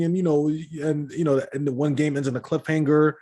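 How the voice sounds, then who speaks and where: A man's voice: a little high, little pitch movement, brisk, mellow. Rambling man co-hosting a podcast. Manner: rambling, many restarts and fillers. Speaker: podcast co-host. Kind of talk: casual chat.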